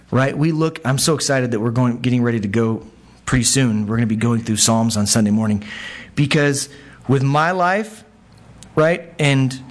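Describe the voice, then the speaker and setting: A man preaching a sermon in a conversational way, checking in with the congregation with frequent asides and climbing in pitch when he quotes scripture. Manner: animated, pitch jumps when quoting. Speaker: pastor.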